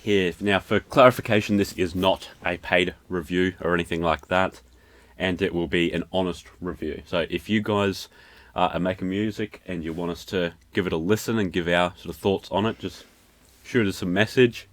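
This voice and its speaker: A young Australian man co-hosting a podcast album review in a relaxed, conversational way. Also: low voice, moderate pace. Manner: relaxed and conversational, with fillers like "um" and "sort of". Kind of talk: casual podcast chat.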